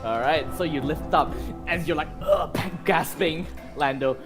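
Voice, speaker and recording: A man's voice: on the high side, a little slow, over music. A man running a horror tabletop game as game master, narrating gory scenes vividly.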